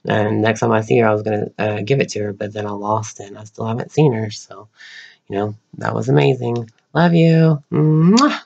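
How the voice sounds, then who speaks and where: A young man telling personal stories to his camera in a halting, rambling way, with many ums and restarts. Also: on the low side, fairly even intonation, gravelly, darkish tone, dull audio. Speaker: vlogger.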